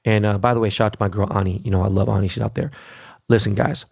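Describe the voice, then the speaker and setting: Brash, swearing man with a gravelly voice. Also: lowish voice, fairly even intonation, very fast, a little mellow, dry recording, clean studio sound. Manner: brash, swears constantly, keeps asking "right?". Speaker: podcast host. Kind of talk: casual profane monologue. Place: New York.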